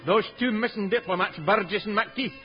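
An actor playing a dour police inspector in a 1950s radio comedy, terse with growling grunts. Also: male voice, sits high, brisk, background noise, lightly acted. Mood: deadpan. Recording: dull old radio recording.

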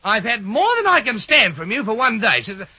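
A man playing a flustered schoolteacher, shrill and gravelly. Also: big pitch swings, moderate pace, sharp tone, no echo, highs cut off, exaggerated voice. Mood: exasperated. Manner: flustered, stammering, scolding. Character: fussy exasperated male schoolteacher. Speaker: teacher. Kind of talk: 1940s radio comedy acting.

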